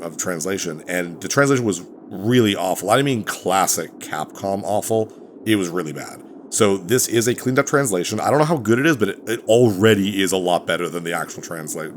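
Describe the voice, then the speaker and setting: Male gaming host, low voice, chatty and rambling, full of ums and quick corrections. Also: a little hiss or hum. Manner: rambling, filler-heavy, self-correcting. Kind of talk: casual let's-play commentary.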